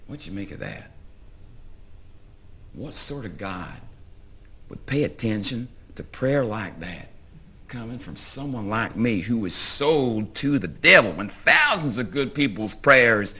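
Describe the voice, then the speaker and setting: An actor voicing a blunt, sly country man from the Deep South, who drawls his story in a low register with earthy relish. It comes across as a dull, muffled live theatre recording. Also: big pitch swings, unhurried. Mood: gleeful. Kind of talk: live dramatic reading. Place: theatre stage before a live audience.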